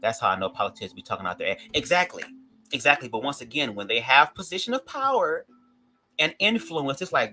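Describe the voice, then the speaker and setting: A man's voice: mid-range voice, big pitch swings, fairly quick, sharp tone, rough recording. A man from Detroit with a Detroit accent, giving opinionated commentary in a sassy, emphatic way and swearing freely. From Detroit, USA. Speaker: commentary vlogger.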